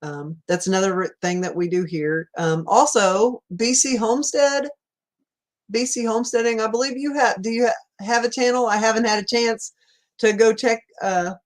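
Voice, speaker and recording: A woman with a Southern US accent runs a laid-back nighttime livestream from her home, wandering through chat, laughing repeatedly, and voicing viewer comments. She sounds a little high and steady, keeping a moderate pace.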